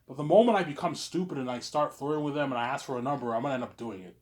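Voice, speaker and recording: A man in his thirties talks through a rambling personal vlog monologue at a middling pitch. He stammers, restarts and leans on the same filler words. His level swings from low mutters to loud bursts. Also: very fast. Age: 30s. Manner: repetitive, stammering restarts, frequent "obviously". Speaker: vlogger.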